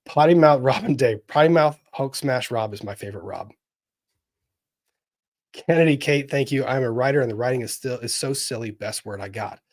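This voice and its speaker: A man's voice: medium pitch, normal speed. Wry man reading chat on a live stream. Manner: wry, animated, jokey asides.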